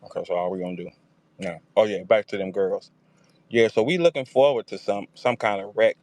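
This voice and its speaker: A man hosting a casual live audio chat, talking in an animated, profane way and acting out quotes. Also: fairly low pitch, a little fast, no room sound. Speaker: host.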